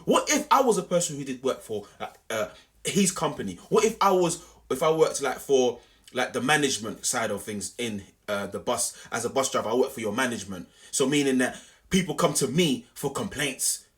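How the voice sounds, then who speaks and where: A young man telling a story to camera in an animated, slangy, repetitive way. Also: medium pitch. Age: young adult. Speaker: vlogger.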